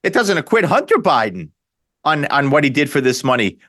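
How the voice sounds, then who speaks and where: A man's voice: fairly high pitch, brisk. A man hosting a talk radio show, delivering an opinionated, sarcastic political monologue with frequent restarts. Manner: animated, sarcastic, repeats himself and restarts.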